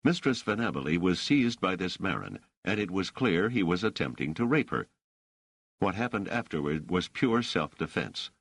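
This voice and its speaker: A man's voice: low-pitched, very animated, normal speed, breathy edge, no echo, voice pushed up, exaggerated voice. A man voicing an indignant scholar who answers accusations firmly, hotly and grimly. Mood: defiant. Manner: firm, hot and grim. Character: indignant male scholar under questioning.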